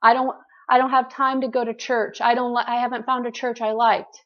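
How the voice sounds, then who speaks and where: A woman with a fairly high voice delivers an earnest, preachy pep talk to listeners on a group call. Her voice comes through muffled, lo-fi call audio. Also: flat delivery, a little fast. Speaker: motivational call host.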